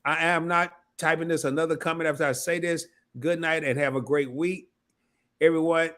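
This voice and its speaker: A man's voice: fairly high pitch, fairly even intonation, moderate pace, fairly bright tone. A man hosting a casual live stream, talking loosely, repeating himself and breaking into laughter.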